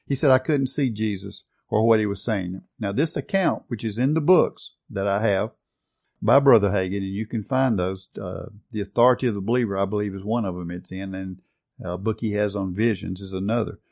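A man's voice: on the low side, a little fast, gravelly, darkish tone. A man preaching a sermon, earnestly reading and retelling a testimony with rising emphasis.

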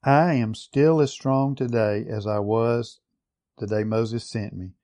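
A man preaching a sermon, reading scripture aloud and putting questions to his listeners, slowing down low for emphasis and then picking up speed. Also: fairly even intonation, warm tone. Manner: asks the congregation questions and reads scripture aloud.

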